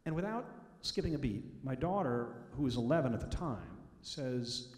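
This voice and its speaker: A man's voice: mid-range voice, very animated, moderate pace, darkish tone. A middle-aged man telling family anecdotes to an audience, acting out the voices in his stories. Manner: storytelling, acts out quoted voices. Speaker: author speaking to an audience. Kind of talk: anecdotal talk. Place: school auditorium. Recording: echoey hall, long reverb.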